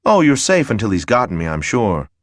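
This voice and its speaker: A man's voice: on the low side, very animated, a little fast, dry recording. A man reading a sardonic, taunting assassin. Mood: mocking. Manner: dry, mocking. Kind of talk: audiobook character voice.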